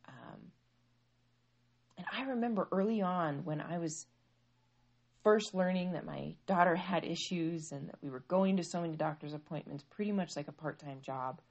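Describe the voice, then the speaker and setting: A woman's voice: lowish voice, normal speed, muffled recording. A woman in her thirties, a mother, telling a personal family story in a conversational, reflective way with frequent fillers. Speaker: mother of young children.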